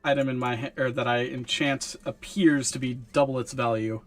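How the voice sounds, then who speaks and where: A man's voice: medium pitch, steady tone, normal speed, faint music behind. A man playing a tabletop game, carefully explaining his character's spells and rules with frequent ums. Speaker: player.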